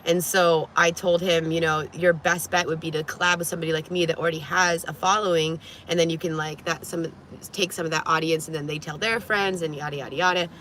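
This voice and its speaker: Bright-voiced woman vlogger telling a story. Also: low-pitched, brisk, slight background noise. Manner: animated, laughing often, swearing. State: sweaty and nervous. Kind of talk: casual storytelling vlog.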